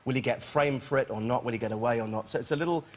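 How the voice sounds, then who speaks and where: A man's voice: mid-range voice, racing. A comedian telling a rambling, self-mocking anecdote as a chat show guest, laughing as he goes. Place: television studio with audience. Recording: loud studio audience and noise.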